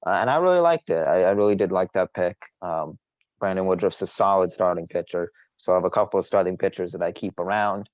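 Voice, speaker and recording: A man's voice: low voice, fast talker, dry recording, dull audio. A man co-hosting a casual sports podcast, boastful and teasing, rambling with frequent restarts. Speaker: podcast co-host.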